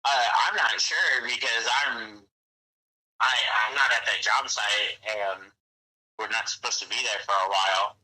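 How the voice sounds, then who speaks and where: A man on a phone call who answers haltingly, with many restarts, and sounds apologetic. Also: on the low side, fairly even intonation, bright, forceful tone, slightly rough. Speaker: prank call target. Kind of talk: phone conversation.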